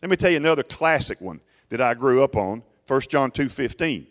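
A man's voice: medium pitch, expressive, a little fast. A man preaching a sermon in church, emphatic and conversational, breaking off to talk straight to the congregation. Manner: emphatic, conversational preaching with repeated phrases and audience asides. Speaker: pastor. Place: church sanctuary. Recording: long hall reverb.

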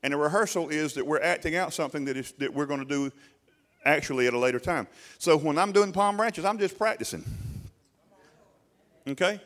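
A man's voice: fairly high pitch, fairly quick, long pauses, fairly bright tone. Preacher man asking the congregation questions. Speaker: pastor. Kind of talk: sermon.

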